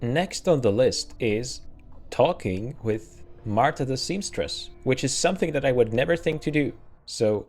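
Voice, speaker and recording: Brief: easygoing male let's-player, rambly, average pitch, thinking out loud. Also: lively intonation, a little slow. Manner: chatty, rambling, restarts and fillers. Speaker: let's play host. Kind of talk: casual gameplay commentary.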